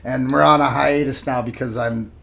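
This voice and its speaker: A middle-aged man, a former hockey tough guy, telling animated stories in a casual chat. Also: normal speed, creaky, a crowd in the background. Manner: animated, shifts pitch for dramatic storytelling. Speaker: podcast host, former hockey enforcer.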